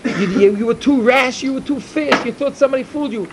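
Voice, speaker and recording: A middle-aged man giving an emphatic storytelling sermon to a yeshiva, repeating his points and swinging from loud to hushed. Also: very high-pitched, quick pace, noisy background. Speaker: yeshiva speaker.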